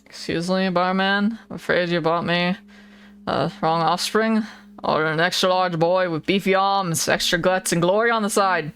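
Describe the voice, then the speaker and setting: A woman's voice: lowish voice, steady tone, normal speed, fairly bright tone, clear, resonant tone. A woman voicing a brash tavern customer in a made-up, mock-pompous accent. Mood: mock-demanding.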